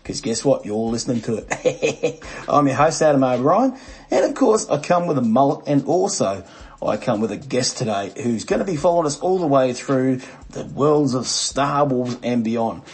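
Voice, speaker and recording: Husky-voiced Australian man hosting a podcast. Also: mid-range voice, moderate pace. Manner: lively, jokey, Aussie slang. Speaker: podcast host. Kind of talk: casual podcast chat.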